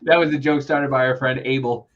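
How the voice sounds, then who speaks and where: Animated man telling stories, lo-fi sound. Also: a little fast. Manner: animated storyteller, jumps into high voices when quoting people. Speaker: podcast host. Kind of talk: casual podcast chat. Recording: muffled lo-fi sound.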